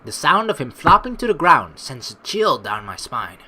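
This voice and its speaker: A woman reading a visual novel aloud in an expressive way, adding her own asides. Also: low voice, moderate pace. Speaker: game player reading aloud.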